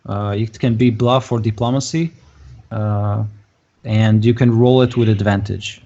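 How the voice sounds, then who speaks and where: A man running a tabletop game as game master, narrating haltingly with many fillers and thinking aloud. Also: lowish voice, steady tone, warm tone. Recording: muffled lo-fi voice chat.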